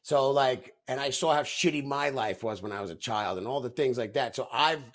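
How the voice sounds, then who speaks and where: A man's voice: mid-range voice, brisk. A man in his thirties hosting a casual podcast chat, talking frankly and reflectively and swearing freely. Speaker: podcast host.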